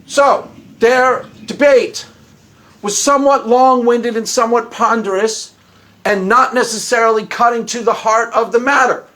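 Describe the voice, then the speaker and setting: A man with a strikingly high voice delivers solo commentary as the host of his own channel. He is blunt and mocking, hammers his points home and repeats phrases for emphasis. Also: fairly even intonation, a little slow, pushed and bright.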